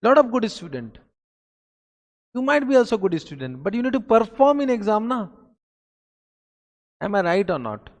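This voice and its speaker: High-voiced Indian English lecturer, reverberant. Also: male voice, very animated, moderate pace, long pauses. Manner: pep talk full of rhetorical questions and repetition. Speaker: accountancy exam lecturer. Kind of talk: motivational revision lecture. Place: classroom.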